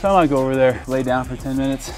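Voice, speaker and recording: A man's voice: medium pitch, fast, faint music behind. Tired, self-mocking man at the gym. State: tired, worn out from training. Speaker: fitness vlogger. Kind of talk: casual vlog chat during a workout.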